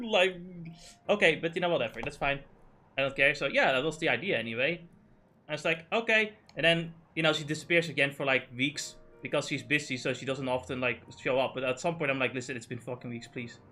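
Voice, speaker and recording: A man's voice: a little high, brisk, bright, forceful tone. A man streaming a game and ranting in casual, profane, exasperated chat.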